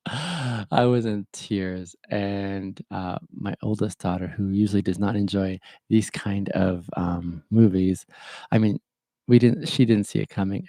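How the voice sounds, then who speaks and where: Earnest deep gravelly male podcaster. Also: dark tone, no room sound. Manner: earnest, rambling storytelling with many fillers. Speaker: podcast host. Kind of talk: casual chat.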